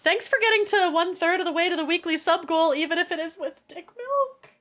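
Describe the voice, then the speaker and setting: A high-pitched woman streaming live and bantering with her chat. She teases and swears freely in a playful, crude way. Her voice comes through a streaming microphone. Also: brisk, a bit bright. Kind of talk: casual livestream chat.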